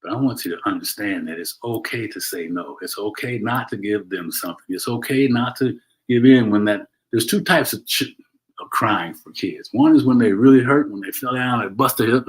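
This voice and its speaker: Speaking fairly quickly in a mid-range voice, a middle-aged man hosts a motivational livestream alone from home, and the audio is poor. His tone is earnest and preachy, with repeated "right?" tags and frequent restarts.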